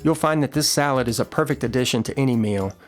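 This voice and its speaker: Relaxed folksy middle-aged man. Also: mid-range voice, fast, soft background music. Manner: relaxed, folksy, with filler words. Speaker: podcast host. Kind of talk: casual storytelling and recipe talk.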